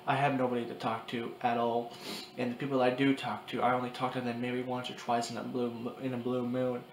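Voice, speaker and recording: A young man in his early twenties cries as he talks to his camera in a personal vlog. His voice stays flat and monotone, halting, restarting and repeating himself. The room is echoey, with a faint hiss behind him. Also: mid-range voice. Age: 20s. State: crying. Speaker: vlogger. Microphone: camera mic.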